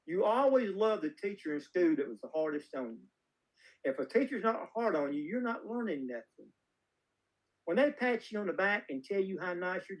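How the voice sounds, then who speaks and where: A man with a somewhat high voice, chatting as a guest filmmaker. He tells folksy, meandering stories, circling back and restarting his sentences. His delivery is loose and conversational. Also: lively intonation, a little fast, rough recording. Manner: folksy, rambling anecdotes with many restarts. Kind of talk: casual interview storytelling.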